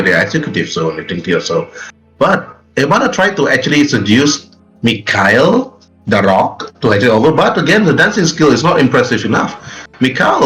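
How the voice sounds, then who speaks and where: A man narrating as game master of an online tabletop game, his voice pitched in a middle range. He describes each scene casually, restating and restarting as he goes. Faint music plays under the call. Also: a bit bright, poor audio.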